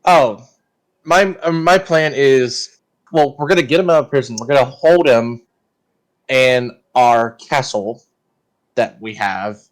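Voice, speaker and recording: A man playing in a tabletop role-playing game, talking through his plans in a relaxed, casual way and drifting in and out of character. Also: mid-range voice, slow pace. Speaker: player.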